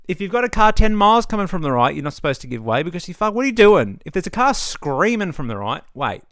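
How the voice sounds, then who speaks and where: A man's voice: a little high, big pitch swings, quick pace, bright, forceful tone, no echo. Young guy, home-setup gaming rant, sarcastic and sweary; resonant, dry. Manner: ranty, sweary, sarcastic asides. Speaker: gaming vlogger. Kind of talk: casual opinion rant.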